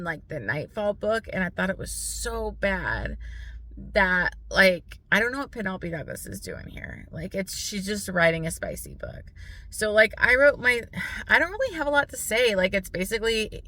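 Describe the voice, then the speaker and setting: A woman's voice: medium pitch, bright, forceful tone. A young American woman giving a blunt, frustrated book review, swearing often and filling her talk with "like". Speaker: book vlogger.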